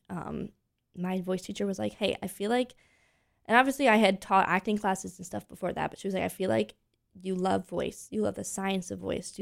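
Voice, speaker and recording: A woman in her twenties, a voice teacher from Pennsylvania, chatting as an interview guest and telling animated stories full of fillers. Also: mid-range voice, vocal fry. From Pennsylvania, USA. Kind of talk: casual interview chat.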